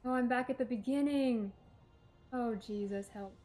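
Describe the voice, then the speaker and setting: A woman's voice: on the high side, normal speed, mellow, faint music behind. Chatty gamer woman talking to herself. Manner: talks to herself, swears when frustrated. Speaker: streamer playing a video game. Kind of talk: casual gameplay commentary.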